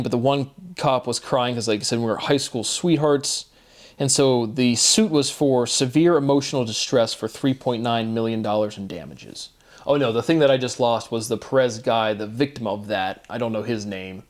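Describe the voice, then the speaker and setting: Ranting, profane man rambling. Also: mid-range voice. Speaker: host of a legal commentary series. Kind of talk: unscripted monologue. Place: Ohio.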